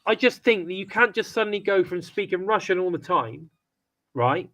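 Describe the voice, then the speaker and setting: A man's voice: high-pitched, lively intonation, moderate pace, fairly bright tone, poor audio. Brief: male podcast co-host, loose rambling talk. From United Kingdom. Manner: chatty, rambling with frequent restarts and laughs. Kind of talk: casual wrestling review chat.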